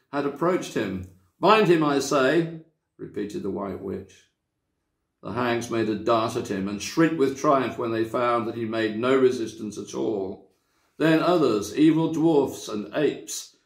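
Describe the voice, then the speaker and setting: A man from a church reading a children's story aloud, with measured, dramatic storytelling. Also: mid-range voice, vocal fry, darkish tone. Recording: echoey room.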